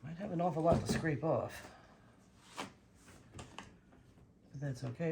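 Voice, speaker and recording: A woman vlogging casually while she paints, excitable and talking to herself and her dog. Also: deep voice, unhurried, creaky, pauses often, background noise. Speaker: acrylic pour painting vlogger.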